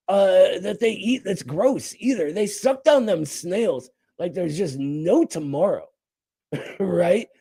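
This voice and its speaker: A man's voice: sits high, sing-song, unhurried, creaky, mellow, breathy edge. A man hosting a show, delivering a mock-outraged comedic rant full of sarcastic asides. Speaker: show host.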